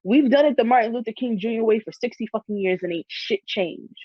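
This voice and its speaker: A woman's voice: a little high, brisk, dry recording, highs cut off. A young woman in a heated casual discussion, ranting fiercely with lots of swearing. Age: young adult. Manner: fiery, profane, ranting.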